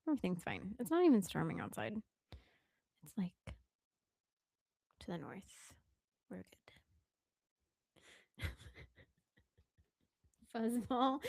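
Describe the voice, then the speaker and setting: A woman's voice: on the high side, sing-song, takes it slowly, vocal fry, long pauses, darkish tone, dry recording. A young woman with a Southern American accent chatting casually on a live stream, giggly and chatty, often dropping into whispered asides. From Southern United States.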